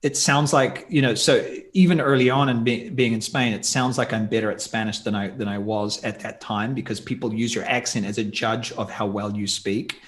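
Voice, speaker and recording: A man's voice: medium pitch, steady tone, moderate pace, few pauses. A man talking in a casual podcast interview as a guest, thoughtful and rambling with many asides.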